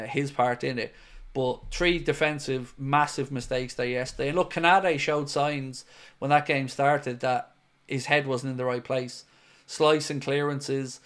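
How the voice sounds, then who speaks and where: A man hosting a live football fan stream, giving blunt opinions and reading viewer comments aloud, with a lot of "um" and "look" along the way. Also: medium pitch. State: has the hiccups. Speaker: football fan channel host.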